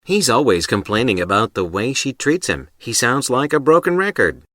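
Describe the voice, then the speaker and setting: A man reading example sentences for an English lesson in a careful, even read. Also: medium pitch, normal speed, dry recording, studio quality.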